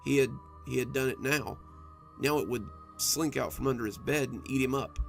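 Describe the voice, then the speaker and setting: A man telling a spooky bedtime story in an expressive, dramatic scripted narration, with faint music behind. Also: medium pitch, moderate pace, vocal fry.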